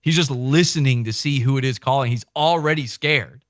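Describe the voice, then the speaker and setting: A man chatting on a podcast, telling a story in an animated way. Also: mid-range voice, brisk, dry recording, clean studio sound. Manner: animated storytelling, acts out quotes. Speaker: podcast guest. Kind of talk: casual chat.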